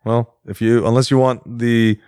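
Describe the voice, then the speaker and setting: A man's voice: mid-range voice, level tone, moderate pace, a little mellow, smooth, no echo, clean studio sound. A man hosting a podcast in a casual chat, chatty and teasing, rambling through plugs for the show. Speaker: podcast host.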